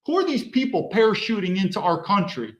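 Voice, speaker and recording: An innocent young boy asks his father one earnest question after another, as a man puts him on. The voice sits a little higher and brighter than the speaker's own. A roomy echo hangs around every word. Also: sing-song, fairly quick. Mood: curious. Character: curious young boy, son of a fighter.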